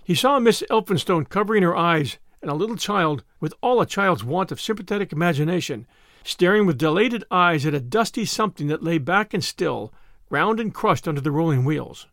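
High, lively male narrator reading aloud. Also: fairly quick, dry recording, studio quality. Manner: expressive, acts out the shouted lines. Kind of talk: audiobook reading of a classic novel.

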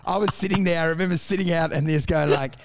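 A man's voice: on the high side, fast talker. A young man telling stories in casual, sweary chat, acting out what people said. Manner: sweary, animated storyteller, acts out quotes.

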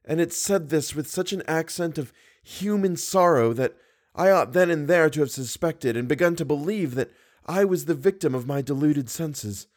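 A man reading the part of a devoted, fearful young woman singer in a measured, earnest audiobook reading. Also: on the high side, natural voice.

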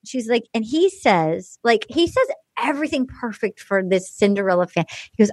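A woman with a high voice hosts a comedy podcast and tells the story in a lively, playful way. She slips into the voices of the people she quotes. Her sound is dry and close, with no room echo. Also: moderate pace, hardly any pauses. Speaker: podcast host recapping a dating show. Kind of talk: casual comedic recap with acted-out quotes.

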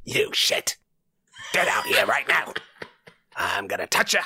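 A man putting on a furious male movie star who shouts crude threats. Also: fairly high pitch, wildly swooping pitch, unhurried, creaky, husky, pitched above the performer's own voice, full character voice. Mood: enraged.

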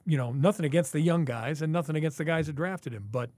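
A man in his sixties, a former football player, co-hosting a podcast and swapping old team stories in an animated, chatty way. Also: fairly high pitch, fast, no echo, studio quality. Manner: reminiscing, animated, with asides. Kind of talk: casual storytelling chat.

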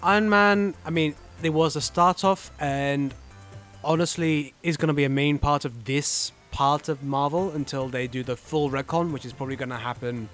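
A man's voice: fairly high pitch, fairly even intonation, normal speed, fairly bright tone, soft background music. A man co-hosting a podcast, explaining his views on movies earnestly, with some dry humor. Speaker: podcast co-host. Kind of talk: casual movie-fan banter.

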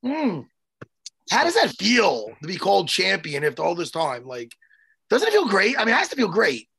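A man co-hosting a podcast in casual banter, animated and joking, swearing freely. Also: high-pitched, moderate pace, vocal fry, breathy edge. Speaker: co-host.

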